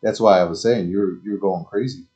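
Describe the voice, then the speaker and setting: A middle-aged man co-hosting a live craft demo, asking questions and speaking haltingly with fillers. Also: low-pitched, fairly even intonation, dark tone, faint music behind. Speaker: craft shop co-host. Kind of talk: live product demo chat.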